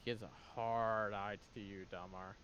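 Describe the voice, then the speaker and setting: A man working as game master, narrating a tabletop game with quick, descriptive lines. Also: fairly low pitch, little pitch movement, a bit bright, muffled recording, slight background noise.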